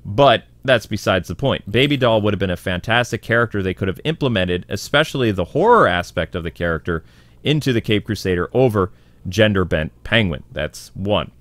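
Guy rambling his opinions, lots of uhs, deepish voice, dead dry room. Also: expressive, brisk, fairly bright tone, no echo. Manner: rambling, opinionated, with frequent fillers. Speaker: video commentator. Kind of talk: opinion commentary.

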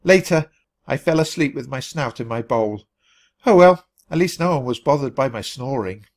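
A man reading a children's storybook aloud for learners, in an expressive, animated way. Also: medium pitch, moderate pace. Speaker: storybook reader.

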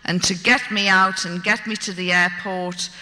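A woman's voice: on the low side, fairly even intonation, normal speed, pushed and bright. A woman, telling a dramatic true story from her own life in a vivid, wry, self-mocking way. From Britain. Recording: long hall reverb.

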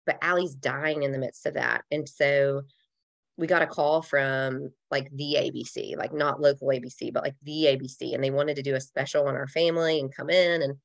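Low, gravelly woman sharing a loss. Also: steady tone, moderate pace, no room sound. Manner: earnest, reflective, with casual fillers like "like". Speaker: podcast guest. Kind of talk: heartfelt conversational interview.

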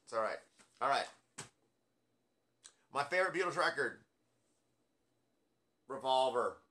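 Rambling man with a bright voice. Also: medium pitch, lively intonation, measured pace. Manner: rambling, self-deprecating, lots of fillers. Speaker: music collector vlogger. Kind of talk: casual album-ranking chat.

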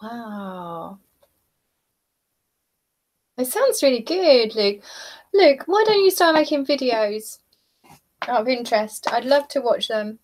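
Young British woman, livestream host, unhurried friendly chatter with frequent giggles. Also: fairly high pitch, very animated, a little mellow. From southeast England. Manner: chatty, giggly, reads out comments. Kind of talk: casual chat while painting.

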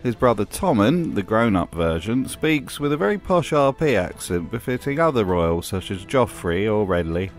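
Host, male, lowish voice, deadpan sarcastic narration. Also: moderate pace, few pauses, faint music behind. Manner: dry, sarcastic humor. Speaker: video essay host. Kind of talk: scripted commentary narration.

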